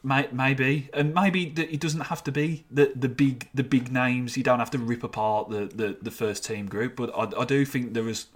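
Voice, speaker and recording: A man co-hosting a casual football podcast, often halting and restarting as he thinks aloud. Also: mid-range voice, steady tone. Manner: halting, many restarts and fillers, earnest. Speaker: podcast co-host.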